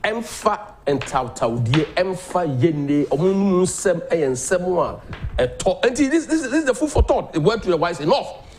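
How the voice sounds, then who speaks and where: A Ghanaian man hosting a political talk show, delivering animated commentary that mixes Twi and English. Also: high voice, a little slow, soft background music. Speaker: host.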